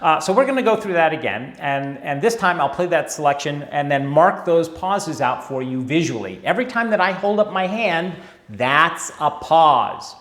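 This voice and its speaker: Guy teaching dance, chatty and wry, bouncy pitch, echoey room. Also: animated, fairly quick, hardly any pauses. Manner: chatty, wry, checks in with the viewer. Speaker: tango teacher. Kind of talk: instructional video talk.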